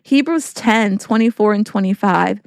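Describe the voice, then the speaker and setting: A woman's voice: mid-range voice, moderate pace, creaky, darkish tone, clear, resonant tone, dry recording, clean studio sound. A woman hosting a faith-based podcast, talking in an earnest, encouraging way with preacherly repetition. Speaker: podcast host.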